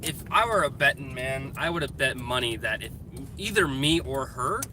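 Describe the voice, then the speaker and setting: A man's voice: mid-range voice, animated, normal speed. A man venting in a casual vlog, swearing freely and restarting his sentences as he rants in frustration while in a car. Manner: profane, frustrated ranting with many restarts. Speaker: vlogger. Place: in a car in traffic. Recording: loud road and traffic noise.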